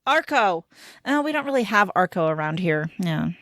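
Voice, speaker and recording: A woman in her thirties co-hosting a casual podcast, an animated storyteller who laughs mid-sentence. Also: on the low side, a little fast, dry recording. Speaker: podcast co-host. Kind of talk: casual chat.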